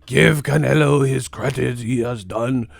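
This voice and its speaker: A man voicing a pompous old-timey male narrator who speaks in archaic English, in a slow, grand declamation. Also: medium pitch, creaky, dry recording, studio quality. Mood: pompous, mocking.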